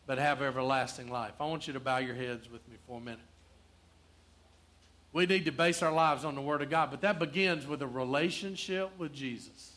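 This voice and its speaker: A male pastor preaching a sermon in church, quoting Scripture, asking the room for answers, and softening into prayer. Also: fairly high pitch. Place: church, also streamed online.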